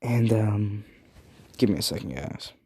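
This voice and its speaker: A man's voice: on the low side, expressive, unhurried, mellow, breathy edge. A young man casually telling a fan story, rambling with lots of fillers and swearing.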